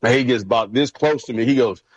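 A former football player in his thirties tells stories with animation, acting out his coaches. His voice comes through a dull, muffled line with no room sound at all. He speaks at an ordinary pitch. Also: fast, husky, dry recording. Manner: animated storyteller, acts out coaches' yelling. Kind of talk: casual storytelling on a radio show.

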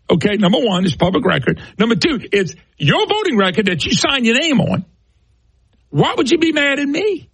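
A man's voice: very high-pitched, very animated, moderate pace, creaky, fairly bright tone, slightly rough, no echo. A middle-aged man hosting a political talk radio show, ranting scornfully and firing off rhetorical questions.

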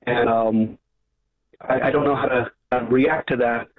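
Male phone-in caller, hesitant and halting, on a thin phone line. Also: medium pitch, steady tone, no room sound. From Long Island. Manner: hesitant, many fillers and restarts. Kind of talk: phone-in call.

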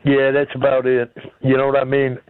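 A man's voice: mid-range voice, monotone, moderate pace, clear, resonant tone, no room sound. An older man calling into a radio show, blunt and folksy. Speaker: caller. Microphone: telephone. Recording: phone-line call-in.

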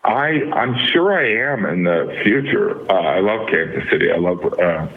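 A man's voice: deep voice, expressive, normal speed, creaky. A middle-aged man as a comedian guest in a casual interview, rambling with many fillers over a phone line.

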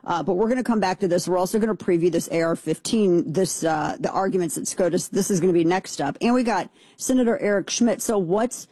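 A woman's voice: on the low side, fairly quick, few pauses, dark tone, husky, no room sound. A woman hosting a show, giving an emphatic, opinionated political commentary monologue and repeating points for stress. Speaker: show host.

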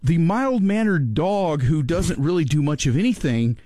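A man with a high, very lively voice tells a story, excitable and quick to laugh. The sound is close and dry, with no room around it. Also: no room sound. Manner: animated, excitable, laughs often, acts out voices. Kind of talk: casual storytelling chat.

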